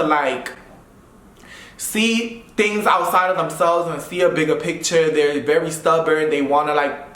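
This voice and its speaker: A young man from Brooklyn, telling a storytime vlog in an animated way and mimicking the people in it. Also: high-pitched, echoey room. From Brooklyn, New York. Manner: animated, mimics voices, says blah blah. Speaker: YouTuber. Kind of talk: storytime while getting ready.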